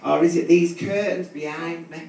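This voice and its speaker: A man's voice: a little high, steady tone, normal speed, creaky, a crowd in the background. A man doing bawdy drag stand-up, teasing audience members with brash, crude banter. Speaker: drag comedian. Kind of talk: live stand-up with crowd work. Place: large theatre stage. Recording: distant echoey live theatre recording. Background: audience laughter.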